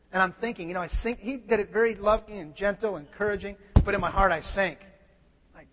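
High-voiced male pastor in a reverberant hall. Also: lively intonation, fairly quick. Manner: swings from shouted scripture to quiet personal confession. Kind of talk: sermon. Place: church sanctuary. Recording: muffled sound in a large reverberant hall.

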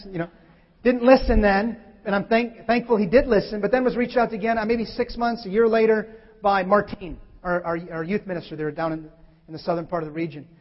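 Male preacher, high-pitched, animated sermon delivery; dull hall recording with long reverb. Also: fairly quick. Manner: animated, acts out scripture quotes with sudden loud shifts. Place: church hall.

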